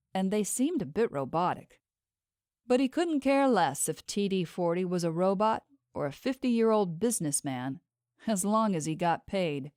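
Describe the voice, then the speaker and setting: A woman with a fairly low voice narrates a fantasy audiobook from a script, telling the story in an even, measured way. The studio-quality recording has no room sound.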